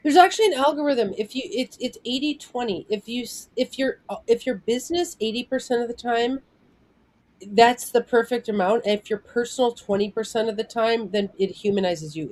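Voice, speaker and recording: A woman's voice: medium pitch, darkish tone, slight background noise. A woman producer leading a casual planning meeting over a video call, talking in a chatty way with many fillers. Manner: chatty, full of "like" fillers, acts out quotes.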